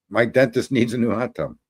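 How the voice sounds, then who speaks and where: A man's voice: medium pitch, lively intonation, normal speed, darkish tone. A man hosting a show, ranting casually and rambling to viewers, swearing often and laughing at his own jokes. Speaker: show host.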